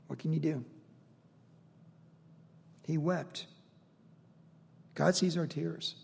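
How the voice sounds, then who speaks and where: A man's voice: a little high, creaky, mellow, husky, long reverb tail. A man pastor teaching verse by verse through a Bible passage in an earnest, conversational and emotional way, with rhetorical questions.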